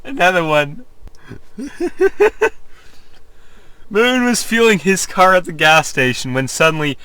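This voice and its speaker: A young man reading AI-generated stories aloud for comedy, pausing to react in disbelief and laughing. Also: on the high side, pushed and bright, clear, resonant tone, dry recording. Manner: reads slowly, breaks into laughter and incredulous outbursts.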